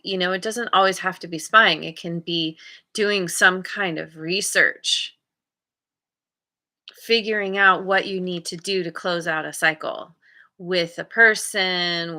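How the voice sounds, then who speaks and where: Woman, tarot reader, unhurried delivery, bright tone, thoughtful, pauses to find words. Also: lowish voice. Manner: thoughtful, searching for words while reading cards aloud. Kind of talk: casual intuitive tarot reading.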